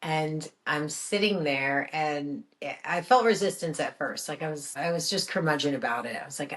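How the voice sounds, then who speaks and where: A woman's voice: deep voice, normal speed, a bit bright. A woman hosting a wellness podcast, telling a personal story in a casual, chatty way and acting out her own inner voice with repeated phrases. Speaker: podcast host. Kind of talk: casual spoken monologue.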